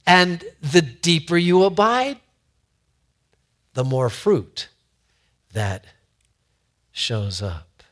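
A man preaching in a relaxed, folksy, conversational manner, stretching his words out slowly. His voice is bright and forceful and sits a little high for a man. He repeats words when he builds to a point. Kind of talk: conversational sermon.

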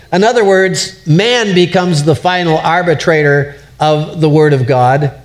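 A male pastor delivers an expository sermon at a moderate pace with few pauses, his voice leaning high. He talks conversationally through each verse, asks the congregation questions, and repeats words to develop his point.

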